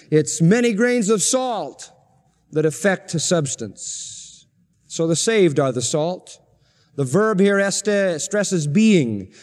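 A male pastor preaches a sermon in a high, ringing voice with a darkish tone, emphatically repeating phrases to drive each point home. His words trail off into a long, echoing reverb typical of a sanctuary.

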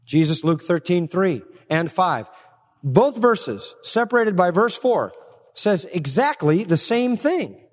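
Male preacher, high-pitched, emphatic sermon delivery, long hall reverb. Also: very animated. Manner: emphatic, swings between raised stresses and low, slow drops.

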